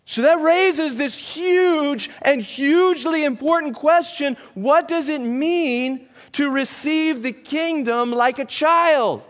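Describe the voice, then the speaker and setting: A man preaching a sermon as a pastor, earnest and emphatic, moving between stressed peaks and quiet, grave passages. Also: very high voice, takes it slowly, hardly any pauses, in a large hall.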